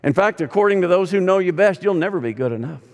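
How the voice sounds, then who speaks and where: A man preaching a sermon as pastor, swinging between loud emphatic lines and hushed ones. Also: high-pitched, lively intonation, quick pace. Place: church sanctuary. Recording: long hall reverb.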